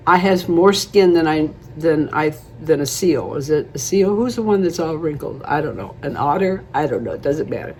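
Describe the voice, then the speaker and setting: A woman's voice: low-pitched, lively intonation, normal speed, hardly any pauses, a little mellow, a little hiss or hum. A woman in her eighties chatting casually to camera, rambling through stories and laughing often. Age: 80s. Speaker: beauty vlogger.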